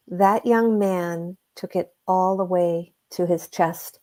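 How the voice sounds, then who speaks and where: Mellow-voiced woman telling a healing story. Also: lowish voice, steady tone. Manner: earnest, emphatic, slows down to stress points. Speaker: guest, energy healer. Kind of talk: conversational storytelling.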